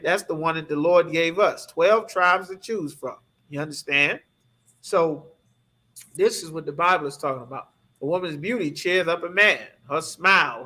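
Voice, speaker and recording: A man preaching through a scripture lesson, emphatic and constantly checking that his listeners follow. His voice sits high for a man, bright and forceful. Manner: emphatic, keeps asking "you understand?". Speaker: scripture class teacher.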